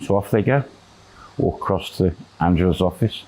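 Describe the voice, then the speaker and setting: A man telling a long story in a relaxed, rambling way, with fillers and quoted dialogue. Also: sits low, moderate pace, rough recording. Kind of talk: casual spoken storytelling.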